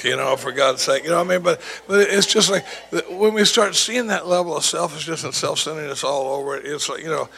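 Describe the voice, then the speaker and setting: A man's voice: fairly high pitch, fast, gravelly, hardly any pauses, fairly bright tone, low-quality recording. A man speaking as a recovery sponsor, telling rambling stories with quoted dialogue and many false starts. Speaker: recovery sponsor sharing at a meeting. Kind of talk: rambling anecdotal talk.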